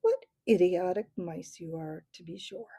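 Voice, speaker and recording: Woman voicing ancient male mouse, squeaky near-whisper, absent-minded, fussy, dry close sound, dark gravelly tone. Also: a little slow, dry recording.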